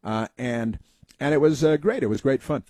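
A man's voice: mid-range voice, normal speed, darkish tone, slightly rough, dry recording. A man hosting a talk show, telling rambling folksy stories and giving opinionated commentary.

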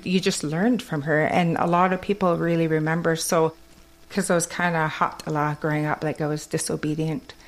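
A young woman with a Kwakwala-influenced English accent, chatting casually and laughing often as she tells stories. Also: low voice. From Alert Bay, Canada. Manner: laughs often, animated storytelling. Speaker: guest. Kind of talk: casual chat.

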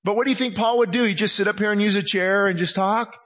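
High-voiced man preaching with fervor. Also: fairly even intonation, fairly bright tone. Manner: impassioned preaching, drawing out scripture slowly, acting out voices. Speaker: pastor. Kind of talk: sermon. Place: church.

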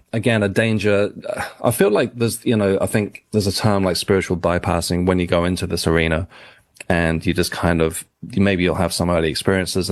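A man's voice: deep voice, dry recording, studio quality. A man, a podcast guest, talking in a rambling, reflective way with many restarts. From United Kingdom. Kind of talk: casual interview talk.

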